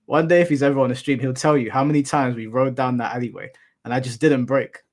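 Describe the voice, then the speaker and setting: A young man hosts a live stream in a loose, rambling way, with an average pitch. He drifts from story to story with casual swearing along the way. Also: steady tone, fast. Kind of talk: casual chat with viewers.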